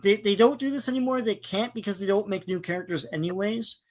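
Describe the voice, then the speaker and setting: A man's voice: sits high, fast. A man co-hosting a comic book podcast, chatting casually with lots of fillers. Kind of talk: casual chat.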